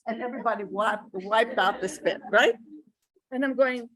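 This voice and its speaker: A woman's voice: on the high side, lively intonation, brisk, bright, forceful tone, dry recording. An older woman giving a live pronunciation workshop for teachers, chatty and demonstrating sounds aloud. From United States. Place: classroom.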